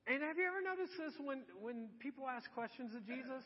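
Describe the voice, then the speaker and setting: High-voiced male pastor, echoing church hall. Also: lively intonation, fairly quick, hardly any pauses, slight background noise. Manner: conversational, acts out imagined voices, rhetorical questions. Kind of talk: sermon. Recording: muffled church hall with long reverb.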